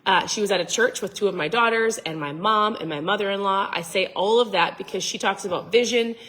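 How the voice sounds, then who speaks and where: Woman, middle-aged, Minnesota accent, co-host, casual chat, chatty, easy laughter, mid-range pitch. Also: fairly quick, fairly bright tone, poor audio. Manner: chatty, laughs often, loses her train of thought. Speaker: podcast co-host. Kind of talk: casual faith-and-money chat.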